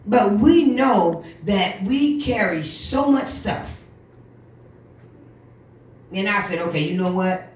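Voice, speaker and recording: A woman minister giving an animated church testimony, acting out the voices of the people in her story. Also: mid-range voice, slow pace, long pauses, a little hiss or hum. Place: church hall. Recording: echoey room from far off.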